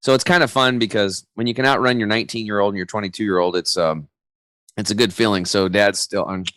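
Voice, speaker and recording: A health coach in his forties, on a podcast as a guest, speaks a little fast in a lowish voice, with no room sound. His casual interview talk is lively and slangy, full of stories where he acts out what people said.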